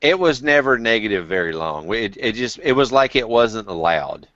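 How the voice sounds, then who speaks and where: Male vlog host, casual and profane, swinging pitch, muffled dry recording. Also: big pitch swings, moderate pace, fairly bright tone, no echo. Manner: candid, profane storytelling with restarts. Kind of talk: casual group chat.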